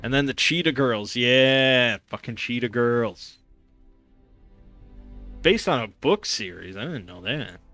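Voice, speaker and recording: A man's voice: mid-range voice, lively intonation, takes it slowly, pauses often, pushed and bright, soft background music. A young man hosting a casual gaming stream, rambling sarcastically with lots of fillers and restarts.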